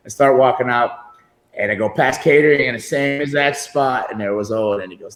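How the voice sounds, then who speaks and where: A man's voice: lowish voice, fairly even intonation, quick pace. Middle-aged guy rambling thru old stories on a video call, laughs a lot, echoey room. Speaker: guest wrestler. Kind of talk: casual interview storytelling. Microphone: computer video call.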